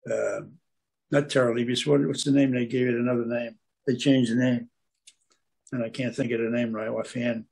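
Older male storyteller with a very gravelly, husky voice who rambles and hunts for words. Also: medium pitch, flat delivery, normal speed, a little mellow. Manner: meandering, searches for words with many fillers. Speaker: guest speaker at an aquarium club.

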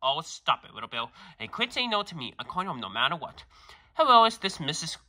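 A stern, scolding school principal from a homemade cartoon skit, as a man puts the role on. The voice is forceful and bright, with pitch jumping around a lot as the lecture goes on. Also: big pitch swings, fairly quick, exaggerated voice. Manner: scolding, repeats the boy's name. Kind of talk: fan-made cartoon voice acting.

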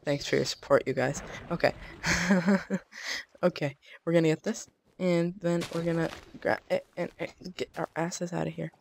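A woman's voice: lowish voice, fairly even intonation, moderate pace, creaky, a little mellow, slight background noise. Jittery woman narrating a game. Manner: jittery, exclaims often, talks to viewers. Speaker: let's play host. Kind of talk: gameplay commentary.

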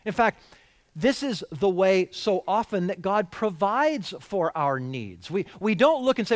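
A middle-aged male pastor preaching a sermon in a church, animated, acting out quoted voices and moving between loud emphasis and hushed lines. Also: high voice, a little slow, dry recording. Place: church sanctuary.

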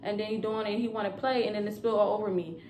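A young woman talks casually to the camera at a mid pitch, rambling along and filling her pauses with ums. Her voice carries some room echo. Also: fairly even intonation, a little mellow, a little hiss or hum. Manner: chatty and rambling, with many fillers. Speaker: vlogger and new mother.

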